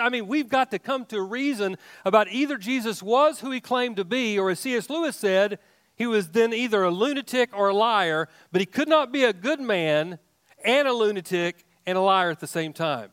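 High-voiced man preaching a sermon. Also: lively intonation, moderate pace, a bit bright, clear, resonant tone, dry recording. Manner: emphatic preaching with rising questions and many restarts. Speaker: pastor.

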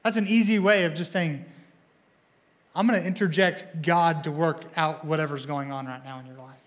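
A young man preaching a sermon as a student pastor in a church, energetic and excitable, often stumbling and repeating words as he speaks. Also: on the high side, normal speed.

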